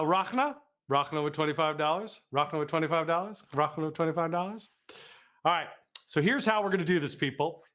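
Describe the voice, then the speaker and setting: A man's voice: on the high side, a bit bright. A man from the Midwest hosting a live fundraising telethon, calling donation auctions in a playful, goofy way and teasing the audience.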